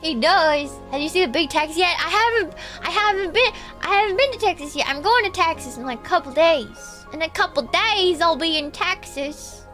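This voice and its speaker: A chatty woman streamer with a high, bright voice reads out viewer donations and chats back casually. She keeps calling her audience "Cookie" and lets the ends of her phrases drop soft and low. Faint music plays behind her. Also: expressive, moderate pace, few pauses. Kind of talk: casual livestream chat, reading viewer donations. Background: faint background music.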